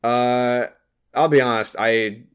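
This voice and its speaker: A man co-hosting a podcast, casually retelling movie scenes and acting out the characters in quick put-on voices. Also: medium pitch, clear, resonant tone. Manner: animated, acts out characters in funny voices while retelling scenes. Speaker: podcast co-host. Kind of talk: casual recap chat.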